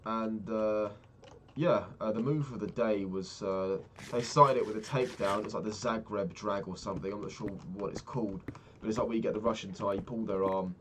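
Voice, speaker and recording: A young vlogger plays a game while rambling casually through a story, swearing freely. His voice is on the low side and steady in tone, a little fast, with a little hiss or hum plus keyboard clicks and typing in the background.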